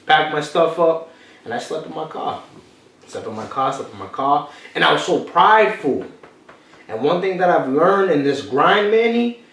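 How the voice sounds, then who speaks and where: A man's voice: on the high side, very animated, moderate pace, a bit bright, distant mic. Echoey man preaching a comeback story. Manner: preachy, repeats key phrases. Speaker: podcast co-host. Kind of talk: motivational storytelling. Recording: echoey room, off-mic, faint noise.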